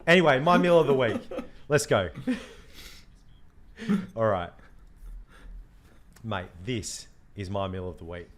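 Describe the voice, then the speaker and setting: A young Australian man co-hosting a podcast, telling stories in an animated, swearing rush. His pitch is a middling man's pitch, and a faint noise sits under the recording. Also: slow pace, pauses often. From Western Australia. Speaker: podcast co-host. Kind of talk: casual chat.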